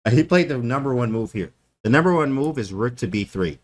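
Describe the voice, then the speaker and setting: A man streaming live chess commentary, animated and joking, who talks in casual slang and laughs often. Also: mid-range voice, a little fast.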